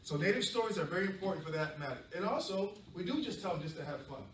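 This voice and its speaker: A middle-aged man from southern New England, a storyteller telling a lively, playful story to children. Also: high voice, quick pace, a little hiss or hum. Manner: animated, playful, many fillers. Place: library event room. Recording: echoey room from far off.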